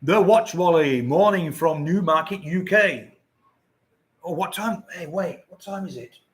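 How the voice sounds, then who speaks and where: An older man runs a relaxed livestream, chuckling a lot as he rambles on to his audience. His high-pitched voice has a fairly bright tone and moves at a measured pace.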